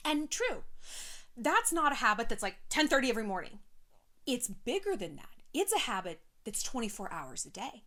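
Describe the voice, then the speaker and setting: A woman in her thirties gives a motivational self-help talk straight to her viewers, blunt and peppered with swearing. Her voice sits a little high and swings widely from line to line, with quick bursts of playful put-on voices. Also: wildly swooping pitch, sharp tone. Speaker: vlogger.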